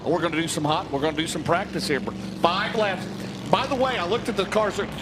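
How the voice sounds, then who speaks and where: A man's voice: high voice, quick pace, very noisy. A man doing casual booth commentary at a dirt track race, chatty and joking with his co-host. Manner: chatty, laughs often, jokes with co-host.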